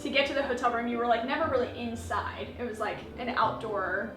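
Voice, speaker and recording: A woman's voice: a little high, brisk. A young American woman, a guest, chatting casually and expressively with many fillers. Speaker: guest YouTuber. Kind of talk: casual chat. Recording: echoey room, mic at a distance, music behind.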